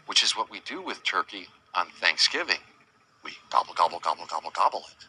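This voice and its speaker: A man teaching young children about animals in a slow sing-song way, imitating animal sounds and asking them questions. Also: deep voice, very animated, pushed and bright, slightly rough, rough recording. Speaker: children's educator.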